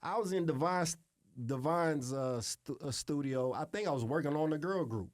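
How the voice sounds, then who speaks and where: A middle-aged man, a music producer being interviewed, telling stories in a relaxed, salty way and often adding "you know what I'm saying". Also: on the high side, normal speed, no room sound, clean studio sound. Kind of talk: casual interview storytelling.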